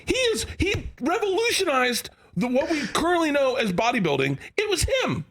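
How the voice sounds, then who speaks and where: A man's voice: very high voice, moderate pace. A man guest on a studio interview show, telling stories with lots of laughter and acting out other people's lines in voices. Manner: excitable, laughs a lot, acts out quotes in voices. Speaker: comedian guest. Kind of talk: animated storytelling in a studio interview. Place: sports talk show studio.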